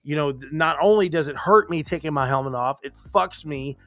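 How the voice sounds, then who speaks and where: Profane ranting man, fairly high voice. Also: brisk, a bit bright, dry recording, soft background music. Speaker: podcast host. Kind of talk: casual gaming podcast chat. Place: home office.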